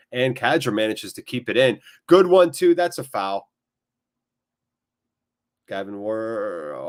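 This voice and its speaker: An American man hosts a live football watchalong, reading chat and calling the play. He talks in a jokey, animated way with quick bursts of play-by-play. His pitch sits in the ordinary male middle. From United States. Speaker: watchalong host.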